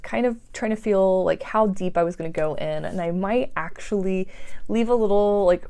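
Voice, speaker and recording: A young adult woman talking casually in a vlog, chatty and quick to laugh, with lots of fillers. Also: lowish voice, a little mellow. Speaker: tarot shop owner and vlogger. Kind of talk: casual chat.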